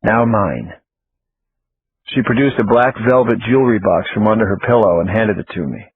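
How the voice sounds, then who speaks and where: Low-voiced man narrating an audiobook. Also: fairly quick, a little hiss or hum. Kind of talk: first-person audiobook narration. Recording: tinny phone-like audio, faint music.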